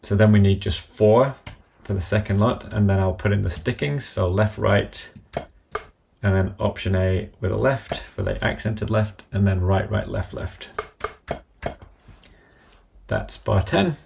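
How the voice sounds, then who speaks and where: A man calmly demonstrating music notation software, calling out each keystroke and step as he goes. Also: on the low side, a little slow, creaky, pauses often, slight background noise. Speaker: software tutorial presenter. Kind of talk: screen-recorded software walkthrough.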